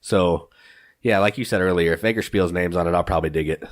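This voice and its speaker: A man's voice: low-pitched, quick pace. A man co-hosting a board game podcast in casual chat, upbeat and enthusiastic, laughing often. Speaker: podcast co-host.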